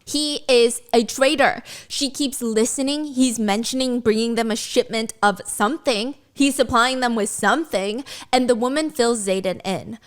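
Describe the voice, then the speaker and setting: A woman retelling a story in a casual, animated way with swearing and chatty asides. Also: on the high side, normal speed, few pauses.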